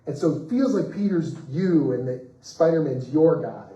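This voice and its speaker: A man, a comics writer on a festival panel, telling anecdotes in a lively way, acting out the people he quotes and laughing as he goes. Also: fairly high pitch, normal speed, far from the mic, lo-fi sound. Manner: animated, acts out quoted voices, laughs mid-story. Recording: roomy echo, voice off-mic.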